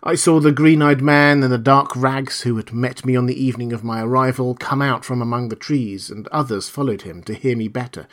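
A man narrating a classic novel as an audiobook, with expressive storytelling. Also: medium pitch, a little fast, few pauses. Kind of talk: scripted narration.

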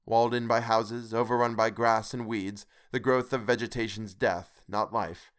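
A man narrating a classic story in a measured, expressive reading. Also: lowish voice, clean tone. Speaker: audiobook narrator. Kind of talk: scripted narration.

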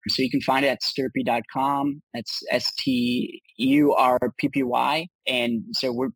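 A man's voice: mid-range voice, fairly bright tone, breathy edge, no room sound, low-quality recording. A man, a startup founder being interviewed, answering in an upbeat casual way with many restarts and fillers.

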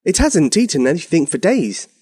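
A man's voice: a little high, sing-song, moderate pace, darkish tone, slightly rough, voice pushed up. A man voicing an eager young servant boy in a children's story.

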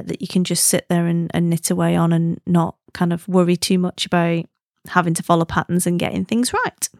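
A woman's voice: on the low side, dry recording, studio quality. Chatty woman podcaster. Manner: chatty, rambling with slang and self-deprecating asides. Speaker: podcast host. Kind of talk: casual chat.

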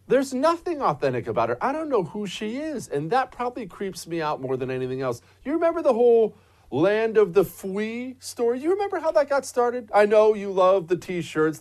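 A man's voice: on the high side, a little mellow. A man hosting a political commentary show, delivering an indignant, sarcastic monologue.

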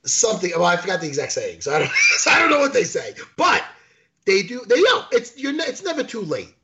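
A man co-hosting a talk show, chatting casually in a rambling, animated way and swearing freely. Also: high voice, brisk. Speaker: podcast co-host. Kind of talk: casual chat.

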